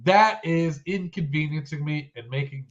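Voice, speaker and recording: A man's voice: a little high, normal speed. A man co-hosting a casual chat show, sounding stuffy-nosed and nasal, rambling and self-deprecating. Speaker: podcast co-host. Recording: dull lo-fi sound.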